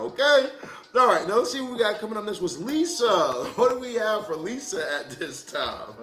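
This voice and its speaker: A man giving a casual livestream tarot reading, loose and profane, joking and laughing easily. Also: sits high. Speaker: tarot card reader. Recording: echoey room with music.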